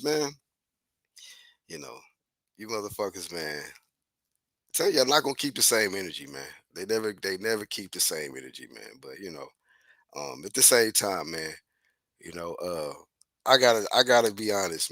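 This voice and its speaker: Young guy w aave ranting, cussing, says man every line, bright punchy voice, super dry. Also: lowish voice, creaky, no echo. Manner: animated, profane, repeats "man" often. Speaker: commentary host. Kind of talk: casual ranting commentary.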